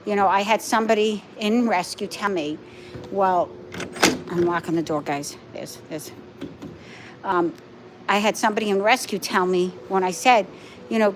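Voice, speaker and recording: A woman's voice: on the low side, moderate pace, slight background noise. A middle-aged woman chatting casually on a live stream at home, rambling and cooing to her dogs. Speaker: vlogger and pet rescuer. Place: home, indoors with pets.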